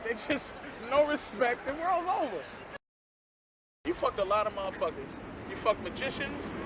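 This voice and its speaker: A man's voice: very high voice, sing-song, moderate pace. A man joking around with a friend outdoors, mock-bossy and swearing, laughing between lines. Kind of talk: casual joking banter. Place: outdoors on a city street. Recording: outdoor street with traffic and people.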